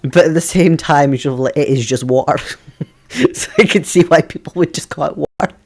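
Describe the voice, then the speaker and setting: A streamer sits at a computer desk at home chatting casually with viewers during a live stream, laughing often between remarks. The voice is medium in pitch, fairly quick, and darkish in tone.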